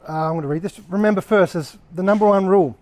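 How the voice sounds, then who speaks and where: A man with a slightly higher-pitched voice runs a workplace training session for a live group. He talks bluntly and casually, with plenty of swearing. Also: fast talker, a little mellow.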